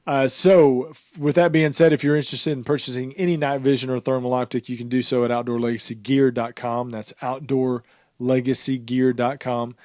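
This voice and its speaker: A man co-hosting a podcast, chatting casually and rambling with frequent fillers and quick laughs. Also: medium pitch, flat delivery, darkish tone, no echo, studio quality. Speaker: podcast co-host.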